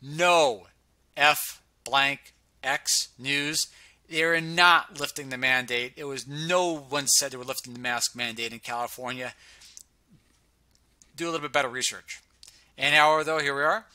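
A man's voice: mid-range voice, moderate pace, sharp tone, no echo. A man casually talking through charts on screen, sarcastic and humming filler sounds while he scrolls. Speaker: presenter reviewing health data on screen. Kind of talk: casual screen-share commentary.

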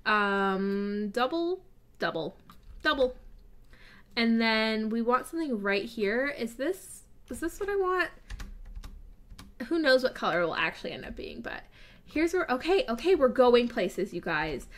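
A young woman chats through a timed building game in a casual, self-mocking way, laughing at her own mistakes. Her voice sits a little high, and she talks slowly and drawn-out, often trailing off in nervous asides. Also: big pitch swings. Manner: self-deprecating, nervous, giggly. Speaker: gaming YouTuber. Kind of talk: casual commentary while building. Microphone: desk mic with face cam.

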